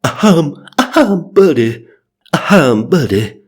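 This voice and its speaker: A man's voice: a little high, big pitch swings, normal speed, breathy edge, voice pushed up. A man voicing a goofy male celebrity ghost with hiccuping "aha" tics. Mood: chirpy.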